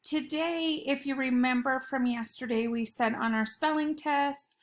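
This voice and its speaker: A woman teaching a spelling lesson to young children. She speaks slowly and patiently in a fairly high voice and breaks each word into its sounds. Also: steady tone. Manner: slow, patient, sounding out words letter by letter.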